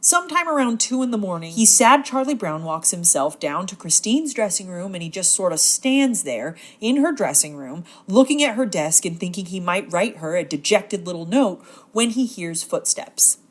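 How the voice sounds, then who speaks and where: A woman's voice: medium pitch, sing-song, moderate pace, hardly any pauses. A woman retelling a classic novel in a chatty storytelling recap, with playful asides. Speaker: book synopsis narrator.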